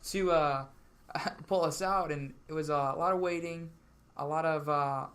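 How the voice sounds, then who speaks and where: A man's voice: a little high, fairly even intonation, unhurried, fairly bright tone. A young man hosting a casual podcast, telling stories in a chatty way and laughing between lines. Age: young adult. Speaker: podcast host.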